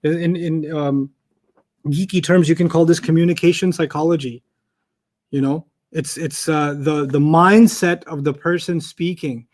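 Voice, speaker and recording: A man teaching an Arabic lesson to a class, explaining word order with lively made-up examples and questions to the students. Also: fairly high pitch, a little slow. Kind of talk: classroom lecture.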